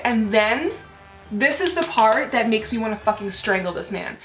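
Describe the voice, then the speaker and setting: A woman's voice: fairly high pitch, fairly quick, fairly bright tone. A woman vlogger telling an angry storytime rant, full of fillers and swearing. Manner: indignant, filler-heavy, swearing. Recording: roomy echo with faint music.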